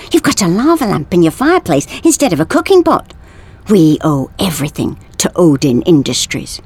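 A woman's voice: on the high side, husky, voice pushed up, exaggerated voice. Woman putting on a chirpy, blokey working man. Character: chummy working man, cheerful and pushy.

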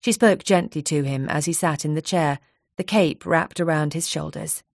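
A woman reading a novel aloud in a measured, unhurried way at a close studio mic. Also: sits low, vocal fry, no echo. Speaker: audiobook narrator.

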